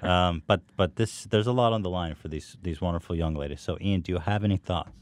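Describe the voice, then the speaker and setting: A man's voice: deep voice, a little fast. A man hosting a comedy podcast, teasing his co-host in a mock game-show announcer style.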